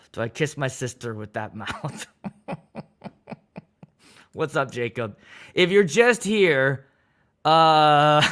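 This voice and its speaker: A man who works as a wedding DJ, telling a story on a livestream in a loose, profane, dramatic way. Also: fairly high pitch. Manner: animated, profane, dramatic retelling.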